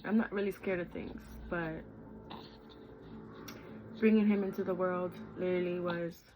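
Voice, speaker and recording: A woman's voice: fairly low pitch, steady tone, a little slow, phone-quality sound, a little hiss or hum. A young woman vlogging, telling a personal story in a candid, heartfelt, chatty way, full of "like" and "literally".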